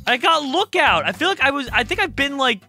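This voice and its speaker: Man, excitable gaming host, very lively pitch, bright tone, faint music behind. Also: fairly quick. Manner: excitable, laughs and shouts often. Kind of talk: excited let's-play chat.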